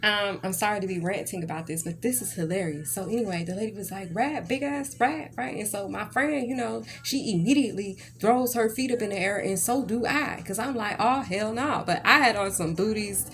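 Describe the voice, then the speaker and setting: Speaking briskly with few pauses, a tarot reader with a medium-pitched, slightly bright voice rants her way through a rambling story. Throughout this casual reading she repeatedly checks in with "okay?"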